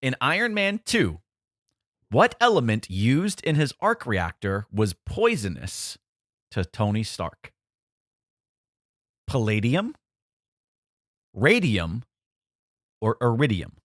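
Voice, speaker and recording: Male podcast quizmaster, teasing and playful, animated delivery, dry mic. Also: medium pitch, slow, pauses often, no echo. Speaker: quiz host. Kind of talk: casual podcast quiz.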